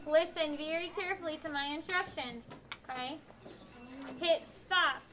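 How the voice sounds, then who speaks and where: A woman teacher with a North Missouri accent. She gives children firm, clear, step-by-step spelling directions in a classroom. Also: high-pitched, unhurried. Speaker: elementary school teacher. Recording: classroom recording with background noise.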